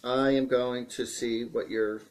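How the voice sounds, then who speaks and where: A man hosts a casual live stream, answering viewer questions in a mid-range voice at an unhurried pace. He's chatty, rambling, and joking, growing animated as he gets excited.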